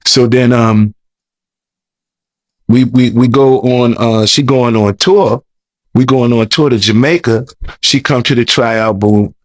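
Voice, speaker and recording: Man, rambling storyteller, slangy repetitive talk, middle pitch, dry close sound. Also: slow pace, pauses often, no room sound. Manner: rambling, repeats words, loose slangy talk. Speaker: interview guest. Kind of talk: casual storytelling.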